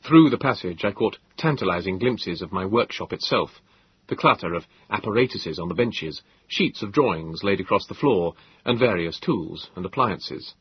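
Husky guy reading a story aloud, lively rise and fall, slightly dull muffled sound. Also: low voice. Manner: measured, expressive storytelling. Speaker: audiobook narrator. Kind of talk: scripted narration.

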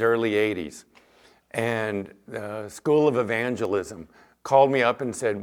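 A middle-aged man preaching a sermon as pastor, telling stories with lively acted-out quotes. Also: mid-range voice. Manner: animated storytelling with acted-out quotes.

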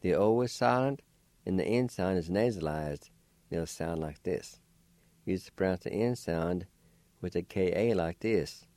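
A man's voice: on the low side, animated, measured pace, gravelly, pauses often, darkish tone, no room sound. A man hosting a radio language lesson, patiently spelling and repeating words syllable by syllable.

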